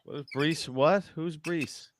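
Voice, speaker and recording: A man hosting a casual podcast chat, excitable and quick to laugh, who swears freely and keeps throwing questions to the panel. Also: on the high side, dry recording. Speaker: podcast host.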